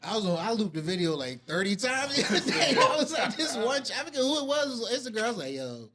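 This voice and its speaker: A man's voice: very high voice, animated, quick pace, noisy background. A young man co-hosting a podcast, chatting casually with loose slang and frequent laughs. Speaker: podcast co-host. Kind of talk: casual chat.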